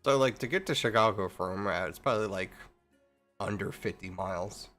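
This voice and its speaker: Over faint background music, a man streaming a game rambles casually in a fairly low, slightly bright voice at a fairly quick clip. His talk is profane and full of false starts.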